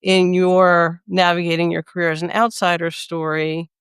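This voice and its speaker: A woman's voice: lowish voice, little pitch movement, normal speed, smooth, no echo, studio quality. Upbeat woman hosting a podcast. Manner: upbeat, encouraging. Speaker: podcast host. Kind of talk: interview hosting.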